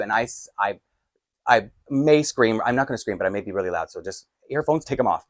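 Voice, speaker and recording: A man telling a storytime vlog, acting out both sides of a heated argument and getting loud. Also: mid-range voice, animated, brisk, dry recording, studio quality. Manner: lots of fillers and restarts, laughs between lines. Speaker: doll collector vlogger. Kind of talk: storytime vlog, animated retelling. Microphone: desk microphone.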